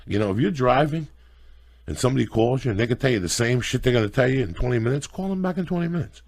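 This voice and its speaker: A middle-aged man hosting a casual podcast chat, ranting loudly and profanely in a preachy way. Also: mid-range voice, animated, fast talker. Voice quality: gravelly and husky. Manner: loud, profane, preachy rants. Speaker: podcast host.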